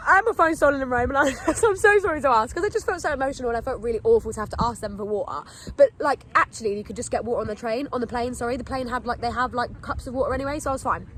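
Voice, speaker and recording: A young woman hosting a podcast tells a casual storytime monologue, talking fast in a high voice. She gushes and chats emotionally and from the heart, saying "like" and "literally" a lot. A bit of hiss or hum is audible.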